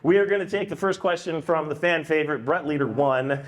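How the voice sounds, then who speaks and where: A man's voice: fairly high pitch, fairly quick. Joking man hosting a panel. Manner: joking, rambling, does goofy impressions. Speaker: convention panel host. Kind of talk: casual convention panel chat.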